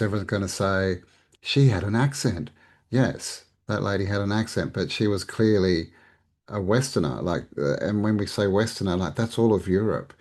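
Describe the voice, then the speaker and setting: A man's voice: low-pitched, a little mellow. A man hosting a reaction show, giving casual, rambling commentary with chuckles and restarts. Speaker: reaction channel host. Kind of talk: casual commentary on played clips.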